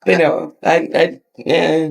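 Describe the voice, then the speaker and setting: A woman telling animated, profane stories in a casual interview as a guest, acting out quotes with big jumps in her voice. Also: sits low, takes it slowly, creaky. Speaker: guest wrestler.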